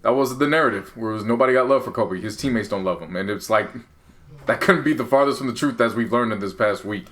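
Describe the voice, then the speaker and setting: A man's voice: medium pitch, fast, fairly bright tone. A man co-hosting a podcast, talking earnestly in long, winding stretches of casual chat. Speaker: podcast co-host.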